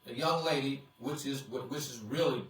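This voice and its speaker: A man's voice: medium pitch, moderate pace, a bit bright. A man speaking as pastor in a mid-range voice, earnest and emphatic. He is far from the mic, and the room echoes heavily around him. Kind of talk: sermon-style commentary.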